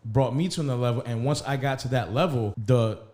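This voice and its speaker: A man's voice: mid-range voice, a little fast, a little mellow. A man in his thirties, co-hosting a podcast, candidly telling a personal story in casual chat with profanity and acted-out dialogue. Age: 30s. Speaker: podcast co-host.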